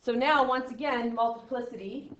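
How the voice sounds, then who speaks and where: A woman lectures a math class in a roomy, echoing classroom, her mid-pitched voice a little dull and muffled. She counts out steps and lets them drop away quietly, checking in with "right?" and "correct?" A faint hiss sits underneath. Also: steady tone, moderate pace. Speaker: math teacher.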